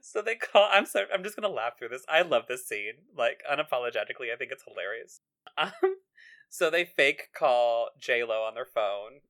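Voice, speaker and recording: A woman's voice: extremely low pitch, lively intonation, normal speed, fairly bright tone. A woman co-hosting a casual podcast, laughing often as she retells scenes from a TV episode. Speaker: podcast co-host. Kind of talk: casual chat recapping a TV episode.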